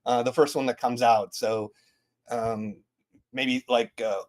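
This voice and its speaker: A man's voice: mid-range voice, steady tone, takes it slowly. A man in his thirties casually presenting game updates at a community town hall, rambling with lots of fillers and restarts.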